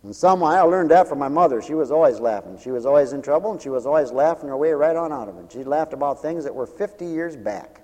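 A man preaching a revival sermon with fervent, rhythmic repetition, interjecting hallelujahs and swinging from ringing exclamations to low muttered asides. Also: lively intonation, a little fast, darkish tone. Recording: long hall reverb.

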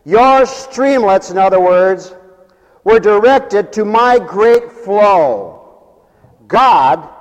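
A man preaching an emphatic sermon to a church congregation and a radio audience, calling out for responses. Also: high-pitched. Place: church sanctuary. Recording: long hall reverb.

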